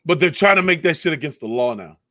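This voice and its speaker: A man co-hosting a casual comedy podcast, ranting with lots of swearing and animated emphasis. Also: on the high side, fast, dry recording, studio quality. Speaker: podcast co-host.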